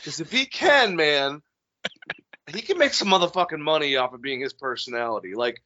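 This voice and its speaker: A man's voice: fairly high pitch, lively intonation, normal speed, sharp tone, no room sound, muffled recording. A man co-hosting a podcast in casual, profane, jokey chat, slipping into goofy impressions. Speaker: podcast co-host.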